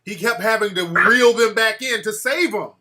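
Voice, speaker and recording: A man hosting a call-in show, telling stories in a boastful, animated way and acting out quotes. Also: sits high, normal speed. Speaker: show host taking calls.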